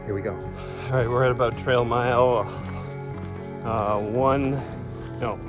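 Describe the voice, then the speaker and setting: A man's voice: medium pitch, steady tone, takes it slowly, music in the background. A man chatting casually to the camera on a long hike, tired and wry, outdoors on a forest trail. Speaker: hiking vlogger.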